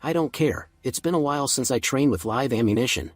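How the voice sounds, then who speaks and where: A man voicing a cold, cocky young male fighter in a storybook recap, calm and scornful. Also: mid-range voice, fairly quick, dry recording, natural voice.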